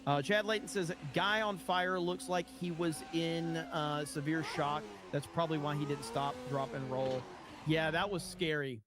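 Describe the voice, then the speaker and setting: A man's voice: fairly high pitch, steady tone, unhurried. A man chatting casually on a live stream, reading out viewer donations with a loose, jokey, rambling manner full of fillers and the odd swear word.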